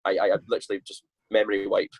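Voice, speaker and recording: A Scottish man with a husky, somewhat low voice tells a tour story as a podcast guest. He rambles, restarts and swears casually. The sound is dry and close. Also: monotone, rapid-fire, no room sound. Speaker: guest musician.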